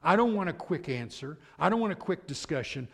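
Gravelly preaching man in a reverberant hall. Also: on the high side, fairly quick. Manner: animated preaching, swings from loud to hushed. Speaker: pastor. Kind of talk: sermon.

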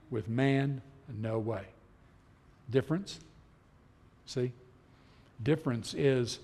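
A middle-aged man teaching a Bible class, telling stories in an animated way and acting out the voices he quotes. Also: medium pitch, gravelly, slightly rough. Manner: chuckles as he talks. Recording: long hall reverb.

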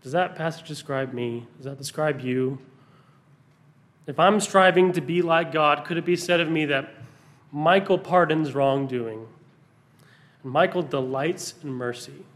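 A man preaching a sermon, earnest, pausing for emphasis as he reads scripture aloud. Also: on the high side, a bit bright.

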